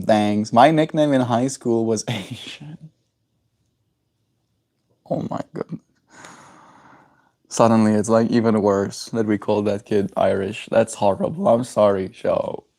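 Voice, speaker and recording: A man's voice: on the low side, fairly even intonation, moderate pace, a little mellow. A man from South Africa chatting casually on a livestream, rambling and answering chat messages aloud.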